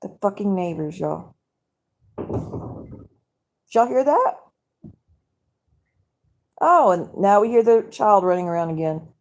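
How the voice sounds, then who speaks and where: A woman's voice: mid-range voice, animated, slow, pauses often. A woman, hosting a casual live stream at home at night. She vents in an angry, profane, rambling way to her viewers.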